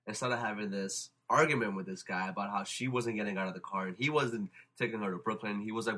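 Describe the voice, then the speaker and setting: A young man, hosting a casual podcast and telling stories quickly with lots of restarts. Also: on the low side. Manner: fast, animated storytelling with restarts. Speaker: podcast host. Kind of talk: casual chat.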